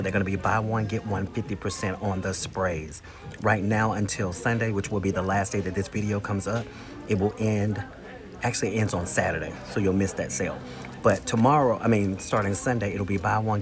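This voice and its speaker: A man chatting casually to camera in a weekly vlog, telling stories and showing off products in an animated, talkative way. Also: lowish voice. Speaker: vlogger. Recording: noticeable background noise.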